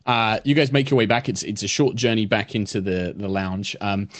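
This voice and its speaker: Man as game master, relaxed rambling narration, dry close sound. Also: fairly low pitch, normal speed, dry recording.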